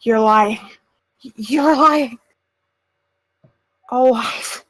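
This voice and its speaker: A woman's voice: fairly high pitch, very slow, no room sound, full character voice, low-quality recording. A woman voicing a cornered, panicky witness. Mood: panicked. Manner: defensive, denying, breaking into shouts. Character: evasive, panicky woman witness under accusation.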